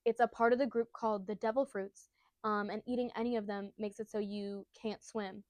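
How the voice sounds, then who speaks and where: A woman voicing a calm, laid-back male pirate captain, speaking matter-of-factly. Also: medium pitch, fairly quick, no room sound, lightly acted. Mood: explaining.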